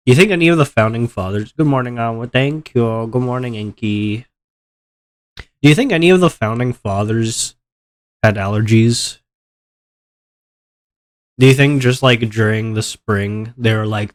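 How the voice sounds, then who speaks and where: A man's voice: mid-range voice, normal speed, long pauses. A man streaming live with a stuffy nose from allergies, chatting casually and complaining in a rambling, melodramatic way.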